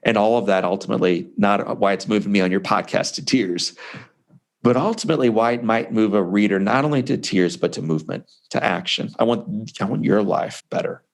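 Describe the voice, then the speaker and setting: A man's voice: fairly low pitch, brisk, gravelly. A man in his forties, an author and speaker, telling his personal story in an interview with emphatic, conversational energy. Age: 40s.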